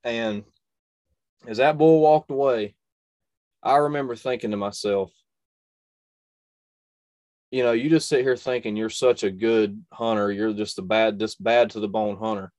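A man's voice: on the low side, fairly even intonation, a little slow, long pauses, darkish tone, dry recording. Earnest man telling a story, dry sound. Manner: emphatic and earnest, repeats phrases for stress. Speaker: hunter and video creator, guest. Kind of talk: telling a personal story in a conversation.

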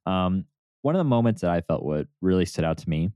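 A man's voice: low-pitched, lively intonation, a little fast, dark tone, clear, resonant tone, dry recording, studio quality. A man hosting a podcast casually, joking and steering the conversation. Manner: jokey, steers the talk. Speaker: podcast host.

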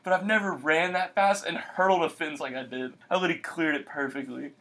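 A man's voice: a little high, fairly quick. A young man, hosting a casual chat and telling stories with lots of acted-out quotes. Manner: animated storyteller, acts out quotes.

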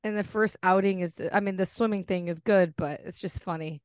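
A woman's voice: mid-range voice, steady tone, a little fast, clean tone, no echo. Indignant, outspoken podcast woman. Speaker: podcast co-host. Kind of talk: casual chat reviewing a reality show.

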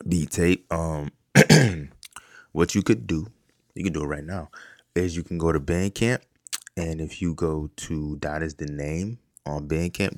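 A man's voice: a bass voice, dry recording, clean studio sound. A man from Rochester, New York, hosting a casual podcast in a laid-back, loose way with fillers and asides. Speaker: podcast host and beat producer. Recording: loud beat music playing under the voice.

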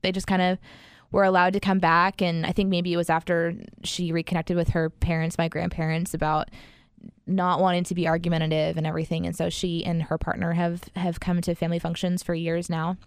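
A woman's voice: lowish voice, flat delivery, a little fast, clean tone, no echo, clean studio sound. A woman telling a personal story in casual conversation, rambling with many fillers and frequent laughs. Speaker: guest sharing her story.

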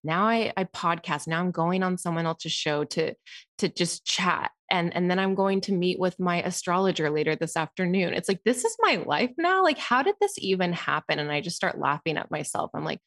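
A woman's voice: lowish voice, animated, normal speed, fairly bright tone, dry recording, clean studio sound. A woman guest on a podcast, telling her story candidly and animatedly, swearing casually. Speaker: guest, style coach.

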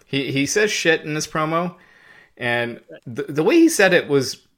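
A man co-hosting a podcast, chatting about wrestling in an animated way and acting out quotes. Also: on the high side, unhurried. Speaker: podcast co-host. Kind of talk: casual wrestling chat.

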